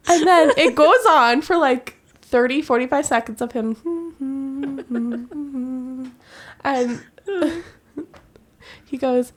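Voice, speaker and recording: A woman co-hosting a podcast, telling animated stories in casual chat and laughing often. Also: high-pitched, extremely slow, long pauses. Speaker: podcast co-host. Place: US-born living in Korea.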